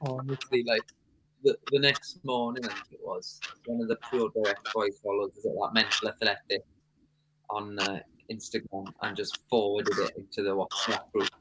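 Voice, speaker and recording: A man talking casually as a podcast guest, relaxed and self-deprecating. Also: fairly low pitch, moderate pace, noisy background. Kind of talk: casual chat.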